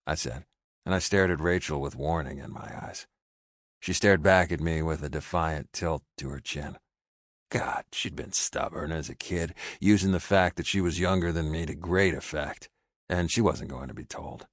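Very deep-voiced male audiobook narrator. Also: normal speed, a bit bright, no room sound, clean studio sound. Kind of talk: first-person scripted narration.

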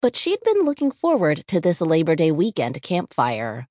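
A woman narrating a children's spooky storybook in a measured, expressive reading voice. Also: low voice, no room sound, studio quality. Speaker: audiobook narrator.

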